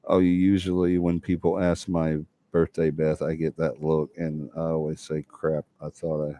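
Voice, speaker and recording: Guy, real deep voice, folksy livestream chat reading comments, dry close mic. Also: monotone, moderate pace, dark tone, no echo. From Alabama. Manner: chatty, folksy, laughs often. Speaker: paranormal livestream host.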